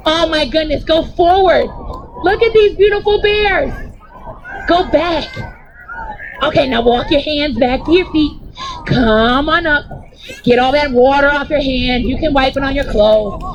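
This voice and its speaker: Slow, deliberate young woman, playful kids' movement coach outdoors. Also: high-pitched, highs cut off, slight background noise. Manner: playful, cheering, coaching kids through moves. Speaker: children's movement instructor. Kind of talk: energetic movement class for children. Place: outdoors on grass.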